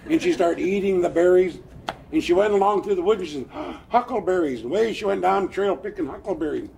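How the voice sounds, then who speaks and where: An elderly man telling a traditional story to listeners in a plainspoken, lively way, with chuckling asides. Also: sits high, a little fast, gravelly, a little hiss or hum. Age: older.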